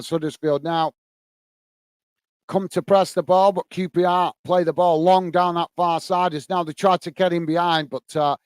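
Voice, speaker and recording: A man's voice: fairly high pitch, clear, resonant tone, no room sound. A man from England hosting a live football watchalong, casually commentating the play and chatting to viewers. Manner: casual, chatty, calls viewers mate and guys. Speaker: watchalong host.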